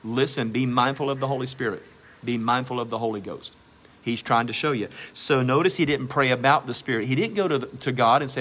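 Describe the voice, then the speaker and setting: A man's voice: mid-range voice, fairly quick, a bit bright, breathy edge. A man preaching a sermon as pastor, emphatic and exhorting, repeating phrases for stress.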